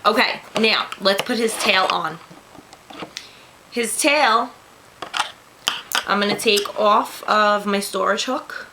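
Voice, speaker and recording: A woman's voice: mid-range voice, slow, long pauses, noisy background. A woman with a New York accent giving a casual step-by-step craft tutorial, chatty and joking at her own slips. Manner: chatty, self-deprecating asides.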